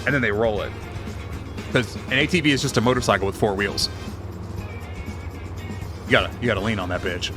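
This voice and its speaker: A man's voice: on the low side, fairly quick, pauses often, over music. A man streaming a game, telling rambling, profane work stories in casual chat. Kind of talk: casual chat while gaming.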